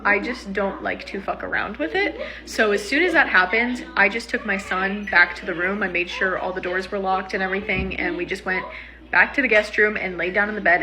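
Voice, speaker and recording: A woman in her thirties telling her own eerie experience in a casual, animated way, acting out what people said. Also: medium pitch. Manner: animated, retelling with quoted voices and fillers. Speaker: storyteller sharing a personal experience. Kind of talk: casual first-person storytelling.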